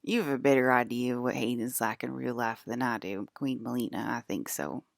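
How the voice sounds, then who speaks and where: A woman's voice: extremely low pitch, a little fast, creaky, no echo, studio quality. A woman vlogging to her camera in a loose, rambling monologue, laughing often and swearing freely.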